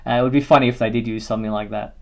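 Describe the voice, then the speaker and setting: Man, host, casual fan chat, relaxed, lots of fillers. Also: medium pitch, rapid-fire, creaky. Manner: relaxed, thinking aloud with many fillers.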